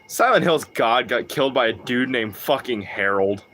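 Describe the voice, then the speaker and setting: A man's voice: medium pitch, slow, slight background noise. A young man livestreaming a game, chatting casually with viewers, cursing and joking as he riffs off chat. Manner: animated, profane, jokey, riffs off chat.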